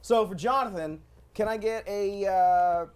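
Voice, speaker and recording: A man hosting a live improv comedy show, upbeat and quick with jokes, often laughing at his own asides. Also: high-pitched, darkish tone, clean tone. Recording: live audience in the room.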